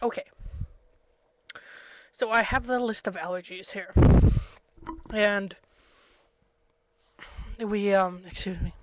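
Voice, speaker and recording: Giggly and talkative, this young woman vlogs from home through her webcam's built-in mic, jumping between stories. Her mid-range voice has a fairly bright tone, and she speaks slowly with frequent pauses. The audio is rough.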